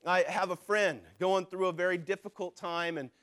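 High-voiced preacher man. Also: fairly even intonation, moderate pace. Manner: preaching with dramatic swings from loud to hushed; acts out quoted voices in his telling. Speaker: pastor. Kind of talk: sermon.

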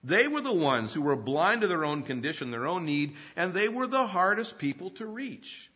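A man's voice: high-pitched, big pitch swings, normal speed, fairly bright tone, breathy edge. A man in his fifties preaching a sermon, telling humorous self-deprecating stories and often laughing mid-sentence. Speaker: pastor.

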